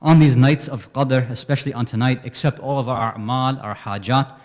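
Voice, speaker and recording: A man giving a religious sermon, telling a mournful story and rising into high, emotional wailing. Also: steady tone, a little fast, a little mellow. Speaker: speaker at an Islamic center. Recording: long hall reverb.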